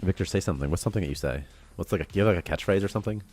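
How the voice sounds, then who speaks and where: Deep-voiced fast-talking young man streaming. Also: darkish tone, soft background music. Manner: rambling, quick, chatty, laughs often. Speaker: programmer and stream host. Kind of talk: casual game dev livestream chat.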